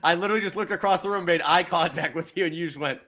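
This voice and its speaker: Bright, high-voiced animated podcast guy. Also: very fast. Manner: animated storyteller, laughs often, acts out others' lines. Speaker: podcast co-host. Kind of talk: casual chat.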